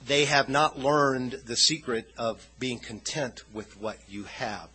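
A man's voice: mid-range voice, slow pace, sharp tone, breathy edge, rough recording. A man preaching an informal sermon in a loose, conversational, rambling way.

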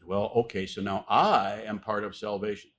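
A man preaching a sermon, reading scripture aloud and pressing key words with loud, emphatic stress. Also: fairly low pitch, steady tone. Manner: reads scripture aloud with pauses.

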